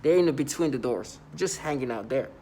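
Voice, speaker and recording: Guy rambling into his camera, mid pitch, keeps stopping and restarting, little bit of faint hiss behind. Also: expressive, mellow. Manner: rambling, halting, many restarts and stammered repeats. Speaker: vlogger. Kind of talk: casual monologue to camera.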